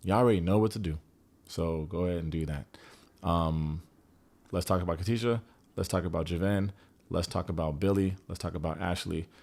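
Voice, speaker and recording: A man with a fairly low voice recaps reality TV in a loose, casual way. He is sarcastic and profane, throwing in joking asides to his viewers. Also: brisk, darkish tone. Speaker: TV recap host.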